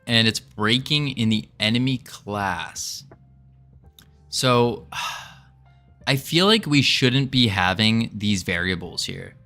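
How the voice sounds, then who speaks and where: Slow-talking man with a bright, tense voice. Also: on the low side, soft background music. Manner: thinks aloud, self-narrating, joking and rambling. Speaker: indie game developer streaming. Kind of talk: casual live-stream chat while coding.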